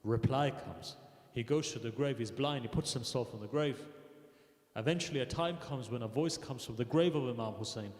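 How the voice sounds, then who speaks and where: A man's voice: medium pitch, moderate pace, a little mellow. Man preaching in an echoey mosque hall. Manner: storytelling, voicing quoted figures with rising intensity. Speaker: speaker at a mosque gathering. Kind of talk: emotional sermon narration. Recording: echoey hall with long reverb.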